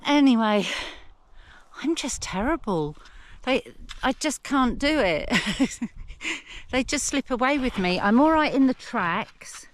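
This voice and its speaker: Slow-talking self-mocking older woman. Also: sits high, expressive. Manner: self-deprecating, swears, laughs often. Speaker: vlogger. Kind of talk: casual self-filmed vlog. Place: outdoors in snow.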